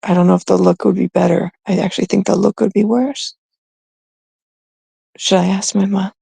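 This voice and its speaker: A woman's voice: fairly low pitch, steady tone, normal speed, gravelly, dark tone, husky, dry recording. A middle-aged woman with a Canadian accent, hosting a livestream in casual, rambling chat with viewers, cursing freely. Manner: profane and rambling. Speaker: livestream host.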